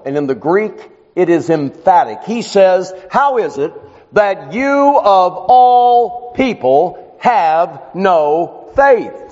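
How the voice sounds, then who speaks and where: A man preaching a sermon, his delivery emphatic and storytelling. His voice sits a bit high and rises and falls a great deal. The sound is muffled and rings with long hall reverb. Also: darkish tone.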